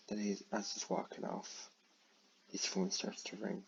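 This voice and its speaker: Low gravelly guy rambling thru a story with lots of ums, dull lo-fi sound. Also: big pitch swings, unhurried, a little hiss or hum. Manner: rambling, with many fillers and restarts. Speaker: creator retelling his own film idea. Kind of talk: casual spoken plot retelling. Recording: dull lo-fi recording.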